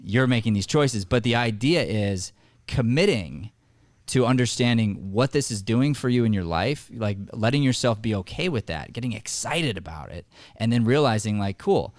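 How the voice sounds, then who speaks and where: A man's voice: medium pitch, animated, normal speed, dry recording, studio quality. A man hosting an acting podcast, talking earnestly with emphatic restarts. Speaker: podcast host, acting coach. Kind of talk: casual podcast discussion.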